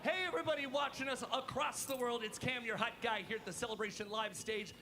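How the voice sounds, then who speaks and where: A man with a high voice reports live from a busy convention floor, pumping up the fans with nonstop energy. Loud noise sits under his voice. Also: steady tone, quick pace. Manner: high-energy, hypes the crowd. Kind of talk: live event hosting.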